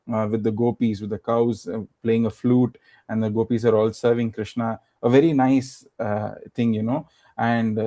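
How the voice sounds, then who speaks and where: A man preaches by retelling a sacred story, pausing on fillers and slipping into the characters' words. His voice is mellow and relaxed, sitting at an ordinary middle pitch for a man. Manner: retells scripture as a story, acting out quoted lines, many fillers. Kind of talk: storytelling sermon.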